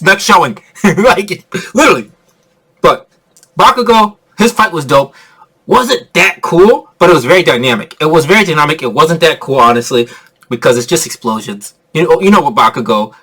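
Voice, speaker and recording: Hyped guy ranting about a movie, bright voice, laughing and cussing the whole way. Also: on the high side. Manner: excitable, laughs often, swears freely. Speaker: movie reviewer. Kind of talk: casual review rant.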